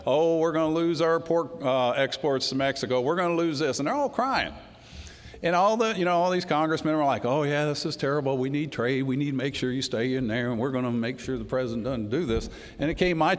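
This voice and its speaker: A middle-aged man giving a folksy, unscripted political speech, telling stories to a crowd. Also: fairly high pitch. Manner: folksy, storytelling, says y'all. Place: large hall before a crowd. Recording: hall reverb with crowd.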